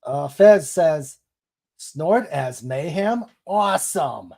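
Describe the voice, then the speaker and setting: Male stream host, slightly raised pitch, slow easygoing delivery, reads comments aloud. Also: expressive, gravelly, mellow. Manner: unhurried, chatty, laughs at jokes. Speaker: livestream host. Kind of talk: casual chat, reading viewer comments aloud.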